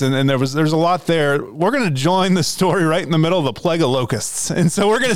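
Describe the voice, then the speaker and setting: A man, a pastor, hosting a church podcast in a relaxed, talkative way. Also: on the high side, clean tone, no echo. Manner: relaxed, talkative, with frequent restarts. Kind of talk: casual chat.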